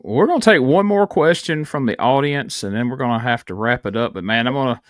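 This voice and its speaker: A man's voice: mid-range voice, lively intonation, fairly quick, dry recording, studio quality. A man hosting a live stream interview, giving short affirmations and steering the questions. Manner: brief affirmations, wraps up the show. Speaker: podcast host, interviewer. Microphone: remote live stream call.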